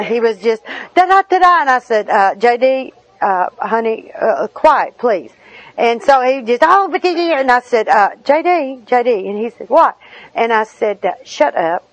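A woman's voice: fairly high pitch, dry recording, rough recording. A middle-aged woman, giving a personal recovery talk in a humorous, chatty storytelling manner with asides. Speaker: recovery meeting speaker.

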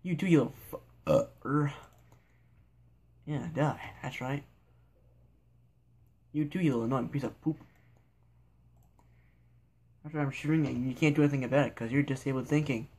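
A young man with a mid-range, slightly mellow voice talks fairly quickly but leaves long pauses. He makes gameplay videos, rambling goofily through a sandbox game and chatting to himself and the on-screen characters in casual commentary.

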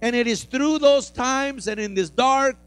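A pastor preaching a sermon, moving from quiet explanation to loud, fervent preaching and acting out scenes. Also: male voice, extremely high pitch, unhurried, clean tone, faint music behind. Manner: builds from soft teaching to loud preaching, acts out frightened disciples.

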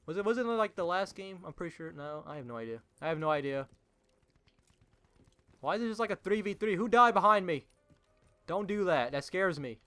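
A young man giving jumpy, excitable live commentary over his own gameplay, filling his talk with "like" and calling out to his teammates. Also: sits high, fairly quick, pauses often. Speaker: gaming channel host.

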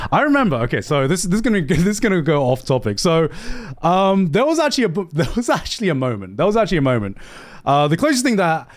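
A man's voice: a little high, big pitch swings, fast. A man from the United Kingdom, streaming and telling rambling, profanity-laced stories. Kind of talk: casual stream commentary.

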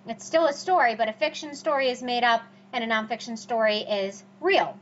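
A woman's voice: fairly high pitch, brisk. A woman teacher giving a recorded lecture over slides, repeating key points with emphatic rhetorical questions. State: has the hiccups. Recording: dull, lo-fi recording with faint hum.

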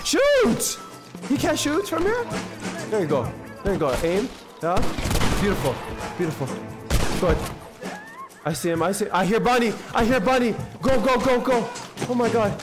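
Excitable high-voiced male streamer. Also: moderate pace, long pauses, music in the background. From Canada. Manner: excitable, shouts and repeats words. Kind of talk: live gameplay commentary.

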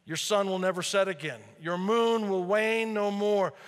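A man preaching a sermon as pastor, animated, swinging between loud emphasis and quiet asides. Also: sits high, measured pace, smooth, in a large hall. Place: church sanctuary.

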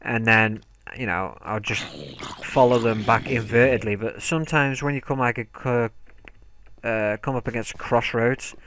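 A man's voice: medium pitch, fairly even intonation, measured pace, noisy background. A young man giving let's play commentary, talking to himself and yelping when startled. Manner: jumpy, talks to himself, yelps when startled. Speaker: gaming commentator.

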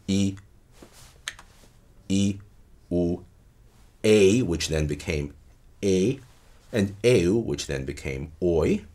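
Deep-voiced man giving an animated lecture. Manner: measured, explanatory, stressing key terms. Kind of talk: academic lecture.

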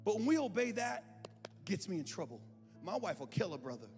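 A man pastor preaching a sermon in a church, moving from calm talk to impassioned shouting, with joking asides. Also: high voice, brisk. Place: church sanctuary. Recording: reverberant hall with music behind.

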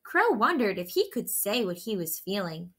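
A woman reading a children's picture book aloud in a slow, gentle, expressive storytelling voice. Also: medium pitch.

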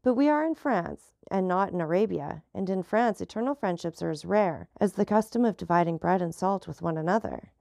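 A woman voicing a grave, guarded nobleman in an audiobook, giving measured, restrained replies. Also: fairly low pitch, animated, vocal fry, a little mellow, no echo, studio quality. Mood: reserved.

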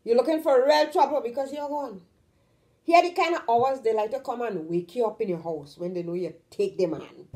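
A woman from Trinidad, speaking at a normal speed in a high-leaning voice with a dark tone, hosts her vlog with casual to-camera talk. She's emphatic, lingers on stressed words, and repeatedly asks "you understand?"

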